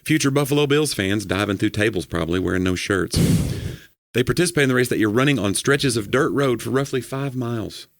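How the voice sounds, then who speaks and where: A man's voice: mid-range voice, fairly quick, no room sound. A man from Tennessee with a light Southern accent, co-hosting a podcast in casual chat and reading out facts with playful asides. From Knoxville, Tennessee. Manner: jokey, reads facts aloud with playful asides. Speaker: podcast co-host.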